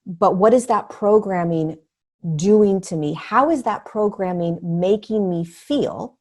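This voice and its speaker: A middle-aged woman talking as a podcast guest, earnest and animated, acting out the voices of other people. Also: mid-range voice, slow. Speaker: podcast guest, spiritual teacher. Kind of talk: conversational interview.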